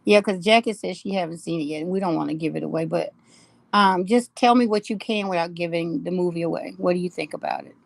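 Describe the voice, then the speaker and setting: A woman's voice: lowish voice, quick pace, creaky, dry recording. Chatty woman hosting a live stream. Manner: chatty, greets viewers by name, laughs often. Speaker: live-stream host of a jewelry shop. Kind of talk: casual live-stream chat with viewers.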